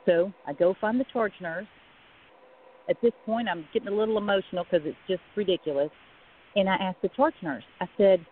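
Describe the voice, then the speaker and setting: A woman's voice: mid-range voice, a little fast, a little hiss or hum. A woman, a guest telling her own story in a radio interview and quoting the people involved. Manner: conversational, quoting others in a retold story. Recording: phone line, husky.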